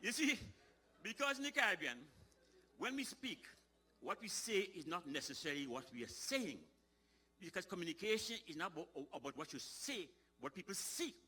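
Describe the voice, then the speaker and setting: A man's voice: high voice, husky. A middle-aged man, telling folksy comic stories on stage at a ceremony. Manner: lively, folksy, quick to shift into voices. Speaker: storyteller and comedian. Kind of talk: live comic storytelling.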